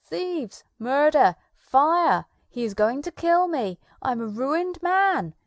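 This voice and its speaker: A woman voicing a blustering, cowardly male conjurer in a storybook reading, gruff when he taunts and shrill when he panics. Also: steady tone, normal speed, mellow, dry recording, close to an everyday voice. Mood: screaming panic.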